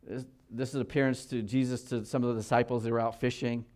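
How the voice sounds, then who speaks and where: A pastor in his sixties with a medium-pitched, level voice preaches at a quick pace. His sermon is earnest and conversational, and he checks in with listeners, swinging between loud emphasis and quiet asides.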